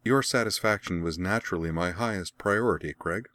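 A man's voice: low-pitched, fairly quick, fairly bright tone, no echo, studio quality. A man voicing a haughty young princess with a coolly dismissive, wry way of talking, in an audiobook reading.

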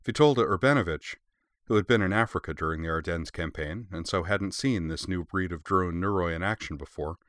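A man reading a story aloud in steady, measured scripted narration. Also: sits low, no room sound, studio quality. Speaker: audiobook narrator.

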